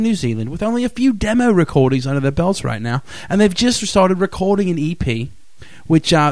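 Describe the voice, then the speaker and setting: A man's voice: on the high side, no echo, studio quality. A man co-hosting a radio show, joking around and hamming up Aussie slang. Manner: goofy, hams up Aussie slang. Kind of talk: joking on-air banter.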